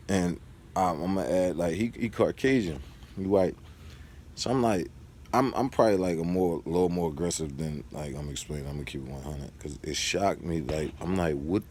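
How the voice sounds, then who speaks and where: A man's voice: low-pitched, normal speed, a little mellow, breathy edge. A man talks casually to camera in a vlog, rambling through a story and drifting into advice. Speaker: vlogger.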